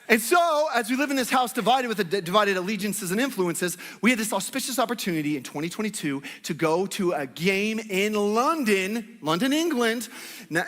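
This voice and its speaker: A man's voice: high-pitched, a bit bright. A man preaching a sermon, playful and joking with his congregation. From Northwest Arkansas, United States. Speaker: pastor. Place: church hall with congregation. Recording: long hall reverb.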